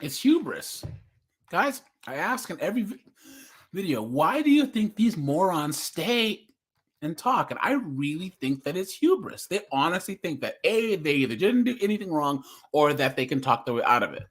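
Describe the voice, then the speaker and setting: A young man from the US West Coast talks casually to his livestream viewers, reading chat comments and laughing along. His voice sits a little high and swings widely in pitch. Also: very animated, normal speed, husky. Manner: chatty, laughing, reads chat comments aloud. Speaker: streamer reacting to videos and chat.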